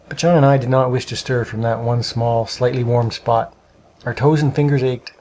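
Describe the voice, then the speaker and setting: A man narrating a storybook with a steady, measured reading. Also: mid-range voice, a little hiss or hum, rough recording.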